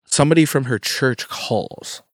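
A man telling a lively story in casual chat, acting out the quotes as he goes. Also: mid-range voice, a little slow, dry recording, clean studio sound. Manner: animated, acts out quotes in his story. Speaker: guest.

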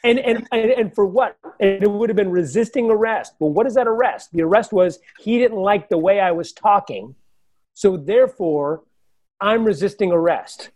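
A man's voice: high voice, normal speed, a little mellow, no room sound. A man who is a comedian, telling a story in casual talk, acting out both sides and swearing often. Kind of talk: casual podcast chat.

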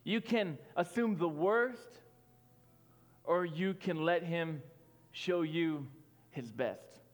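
A man in his thirties preaching a conversational sermon as pastor, telling a story with fillers and swinging between loud emphasis and soft, quiet lines. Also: on the high side, slow. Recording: long hall reverb with soft music.

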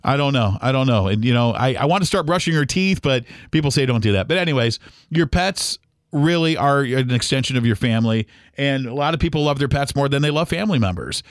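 A man's voice: mid-range voice, lively intonation, a little fast, dry recording, studio quality. A man hosting a podcast, talking in a heartfelt, casual monologue, earnest and rambling with many fillers and restarts. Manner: speaks of faith gently and sincerely. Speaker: podcast host.

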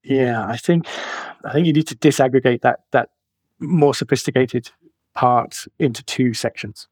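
A man's voice: mid-range voice, normal speed, a little mellow, no echo. A man in his forties, a financial planner speaking as a podcast guest, talking emphatically and reaching for colorful analogies. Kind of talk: podcast interview.

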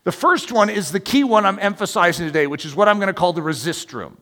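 High-voiced gravelly preacher in echoing hall. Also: male voice, quick pace. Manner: animated, emphatic preaching with playful asides. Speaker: pastor. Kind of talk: sermon. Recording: long hall reverb.

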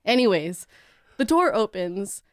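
Animated, laughing woman telling a story. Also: mid-range voice, unhurried, dry recording, studio quality. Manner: animated, laughs often mid-sentence. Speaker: podcast co-host. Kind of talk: casual chat, storytelling.

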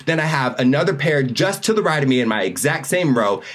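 Here a podcast co-host with a mid-range voice speaks fairly quickly. He's telling a story in relaxed conversation, performing the other characters' lines with lots of energy.

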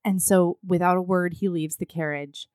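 Woman excitedly retelling a movie, does the characters' voices, dry close sound. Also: fairly low pitch, normal speed, no echo. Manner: animated retelling, acting out characters' lines. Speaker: podcast co-host recapping a film. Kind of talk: casual chat. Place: her living room.

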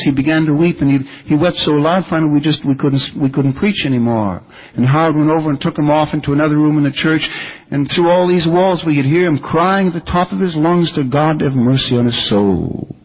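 An older man preaching a sermon, earnestly telling revival stories with quoted speech, on an older radio broadcast. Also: a little high. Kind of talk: sermon storytelling about revival. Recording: dull lo-fi radio recording.

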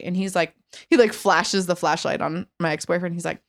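A woman's voice: on the low side, a little fast. A woman co-hosting a podcast, telling a funny story in casual chat and acting out the people in it. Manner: animated storyteller, acts out quotes. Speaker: podcast co-host.

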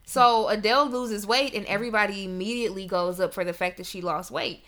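A woman's voice: medium pitch, brisk, a bit bright. A young woman hosting a podcast, ranting in a heated, emphatic, profane casual talk. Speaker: podcast host.

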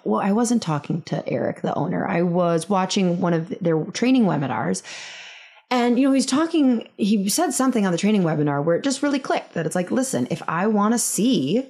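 A woman in her thirties hosting a podcast, telling a story in a candid, self-deprecating way, swearing casually and acting out quoted lines with big pitch jumps. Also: darkish tone. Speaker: podcast host.

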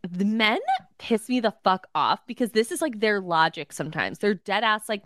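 A woman co-hosting a podcast in casual chat, blunt and lively, with frequent swearing. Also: mid-range voice, normal speed, no echo, clean studio sound. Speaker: podcast co-host.

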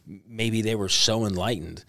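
Low-voiced man thinking aloud. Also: moderate pace, sharp tone, no echo, clean studio sound. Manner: thinks aloud, with many restarts and "you know". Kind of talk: casual chat.

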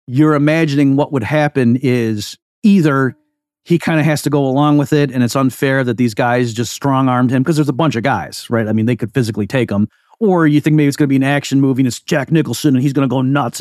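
A man's voice: medium pitch, darkish tone, dry recording, clean studio sound. A man hosting a podcast, giving casual solo commentary in an emphatic, conversational way with frequent asides. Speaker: podcast host.

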